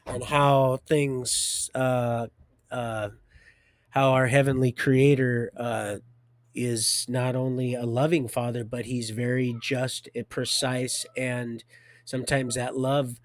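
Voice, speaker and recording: A middle-aged man telling a rambling personal story on a livestream, halting with many restarts and swinging from quiet to loud. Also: medium pitch, little pitch movement, no echo.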